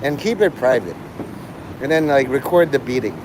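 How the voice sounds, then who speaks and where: A man's voice: medium pitch, lively intonation, moderate pace. Rambling profane man on a noisy street. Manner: rambling, profane, jumps between topics. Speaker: livestream host. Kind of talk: rambling live-stream monologue. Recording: live stream with loud street noise.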